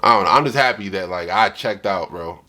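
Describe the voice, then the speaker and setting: A man's voice: low-pitched, a little fast. A man ranting in a heated, profane way while reacting to a clip with friends. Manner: animated, emphatic, swearing.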